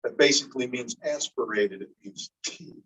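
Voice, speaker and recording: A man's voice: mid-range voice, normal speed, a bit bright, slightly rough. A man teaching a class, explaining ideas step by step and asking the students questions. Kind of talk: classroom lecture. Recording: distant, dull room recording.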